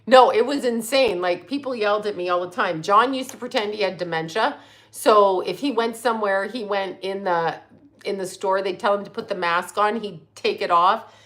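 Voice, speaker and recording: A woman hosting a livestream, telling stories casually, animated, laughing often and swearing freely. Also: medium pitch, moderate pace. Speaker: livestream host.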